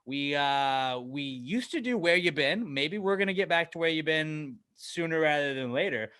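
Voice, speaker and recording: A man hosting a casual podcast, energetic and joking, full of quick asides. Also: on the high side, clean tone. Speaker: podcast host.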